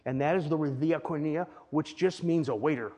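A man's voice: on the high side, a little fast, dark tone. A man preaching a teaching sermon in a conversational way, often checking in with the listeners. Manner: conversational, keeps asking "right?". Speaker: pastor. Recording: long hall reverb.

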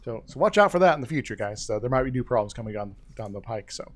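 A man's voice: mid-range voice, expressive, fast. A man co-hosting a casual talk show, rambling through a history story with many fillers and restarts. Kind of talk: casual chat.

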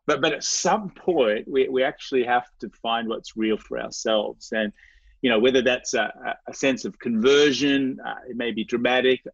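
A man's voice: mid-range voice, normal speed, no room sound. A man as an interview guest telling a personal faith story, earnest and reflective, often restarting and repeating his words. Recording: dry, slightly dull recording.

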